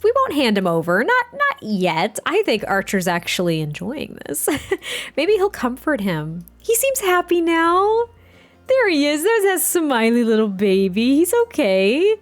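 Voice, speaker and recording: A woman's voice: high-pitched, huge pitch swings, unhurried. A woman hosting a game let's play, chatting casually with frequent laughs and rambling asides. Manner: chatty, giggly, rambling with fillers.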